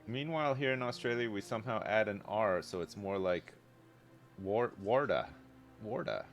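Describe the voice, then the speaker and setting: A man's voice: on the low side, expressive, brisk, soft background music. A Canadian man chatting casually on a live gaming stream, rambling and laid-back, swearing freely and chuckling often.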